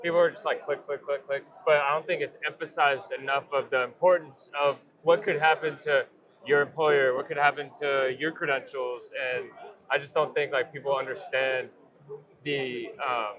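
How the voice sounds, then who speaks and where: A man speaking as a startup founder being interviewed at a convention, relaxed and rambling, with many fillers and restarts. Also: medium pitch, moderate pace, a crowd in the background. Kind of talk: casual trade-show interview. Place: busy convention floor.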